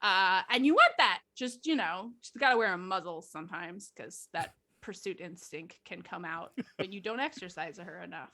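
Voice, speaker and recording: A woman's voice: lowish voice, expressive, normal speed, few pauses, pushed and bright. A woman guest chatting casually, telling stories with animation and frequent laughter. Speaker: guest author. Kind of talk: casual storytelling chat.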